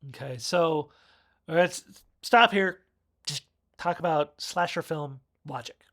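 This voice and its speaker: A man's voice: a little high, slow pace, fairly bright tone. A man giving a casual film review, rambling, correcting himself and chuckling as he goes. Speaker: movie reviewer.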